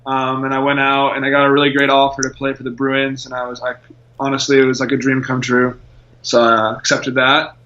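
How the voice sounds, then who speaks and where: A man's voice: medium pitch, monotone, brisk, pushed and bright, highs cut off. A man from Rochester, New York, a company co-founder being interviewed, telling stories in an upbeat way. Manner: upbeat storyteller. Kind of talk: casual interview.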